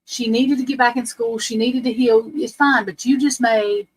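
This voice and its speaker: A woman's voice: on the high side, fairly even intonation, normal speed, breathy edge, rough recording. Profane woman ranting on stream. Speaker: livestream host. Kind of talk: casual livestream commentary.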